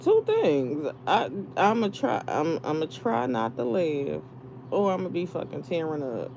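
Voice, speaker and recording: A woman talks unhurriedly to her viewers in a mellow, relaxed voice. She rambles, swears freely and laughs between thoughts. A faint hum sits behind her. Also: fairly low pitch, unhurried, gravelly, highs cut off. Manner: profane, laughing, rambling storytelling. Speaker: live streamer. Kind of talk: casual venting chat.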